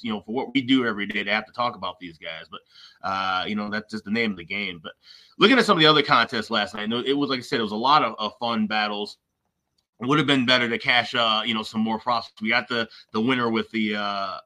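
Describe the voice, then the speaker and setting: A man's voice: medium pitch, pushed and bright. A man co-hosting a hockey betting podcast, talking casually in a rambling way full of fillers. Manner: rambling, many fillers and restarts. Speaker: co-host of a hockey betting show.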